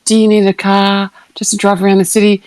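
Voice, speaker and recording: A middle-aged woman chatting casually on a live stream, animated and swearing freely. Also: mid-range voice, fast, dry recording. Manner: animated, swears, acts out quoted voices. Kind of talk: casual chat.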